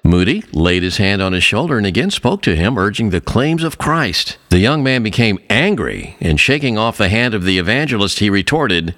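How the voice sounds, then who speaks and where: A man preaching a sermon, earnest, telling a story and slowing down on key phrases. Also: big pitch swings, fairly bright tone. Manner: earnest, swings pitch widely for emphasis.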